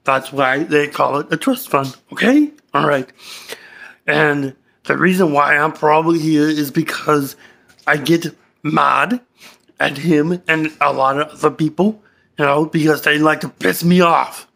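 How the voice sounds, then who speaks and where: A man's voice: a little high, a little slow, vocal fry, fairly bright tone, full character voice. A man playing a hot-tempered young man in a comedy skit, cursing and insulting his therapist. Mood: grumbling.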